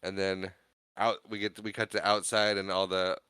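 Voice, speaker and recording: Bright, smooth-voiced man recapping a film. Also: low voice, level tone, no room sound. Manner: chatty, laughs often, does quick character voices while retelling scenes. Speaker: podcast co-host. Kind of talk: casual movie recap chat.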